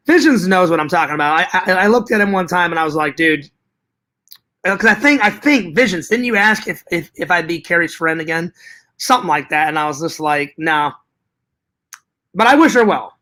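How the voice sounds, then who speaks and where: High, bright-voiced man rambling on a stream. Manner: rambling, repeats words and phrases, swears freely. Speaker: livestream host reading chat. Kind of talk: casual chat.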